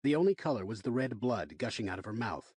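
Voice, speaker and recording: A man narrating a thriller audiobook in the first person, in an expressive, tense reading. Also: mid-range voice, fast, breathy edge, no room sound, studio quality.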